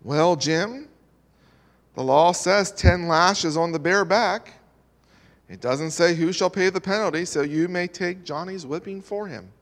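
A man's voice: sits high, unhurried. A man doing a stern old-time schoolteacher. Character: firm, fair old-time male schoolteacher. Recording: long hall reverb.

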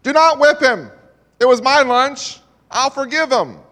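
A man doing a loud pleading schoolboy bully. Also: lively intonation, a little slow, full character voice. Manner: urgent, high and loud. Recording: long hall reverb.

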